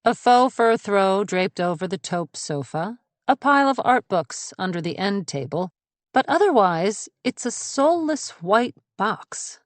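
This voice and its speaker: A woman's voice: medium pitch, very animated, measured pace, no room sound. A woman narrating a first-person thriller audiobook in a cool, observant, composed way.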